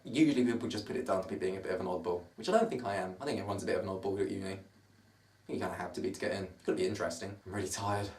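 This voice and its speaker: A man's voice: low-pitched, racing, darkish tone. A twenty-year-old man from the south of England with a southern English accent, chatting in a self-mocking, rambling way to camera in his bedroom. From Surrey, south of England. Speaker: vlogger. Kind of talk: casual rambling monologue to camera. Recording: roomy bedroom, camera at a distance.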